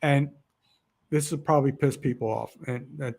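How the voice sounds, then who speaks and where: Gravelly, flat-voiced man around sixty. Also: medium pitch, normal speed. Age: about 60. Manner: bleak, blunt and emotional. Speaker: podcast guest. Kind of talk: candid interview talk.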